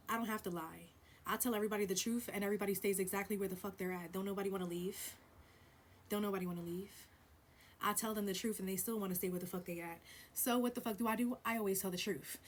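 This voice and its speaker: A woman telling a story on her vlog in a blunt, profane, animated way, with loud stresses and hushed asides. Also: mid-range voice, a little hiss or hum. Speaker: vlogger.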